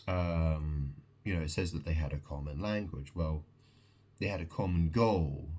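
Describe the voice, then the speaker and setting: Husky deep-voiced man rambling slowly. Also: darkish tone. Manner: rambling, repetitive, profane, keeps checking in with "yeah?". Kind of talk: rambling solo monologue.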